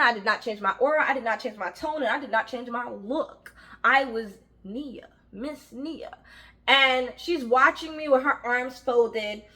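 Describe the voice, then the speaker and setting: Young woman, high bright voice, casual storytelling, slangy and blunt. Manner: animated, acts out voices of people in her story; frank, uses slang and swearing. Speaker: vlogger telling a work story.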